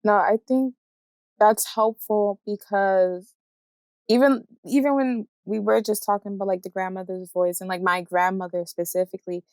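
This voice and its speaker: Hesitant young woman with a gravelly edge. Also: medium pitch, steady tone, normal speed, darkish tone, dry recording. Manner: hesitant, thinking aloud, full of "like" fillers. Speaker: guest, graduate student. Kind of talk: casual conversation.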